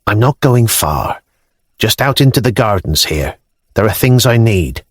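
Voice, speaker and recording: A male narrator voicing a sharp-tongued young woman healer who gives brisk commands in an audiobook. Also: fairly low pitch, big pitch swings, breathy edge, no echo, studio quality, heavily acted. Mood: firm.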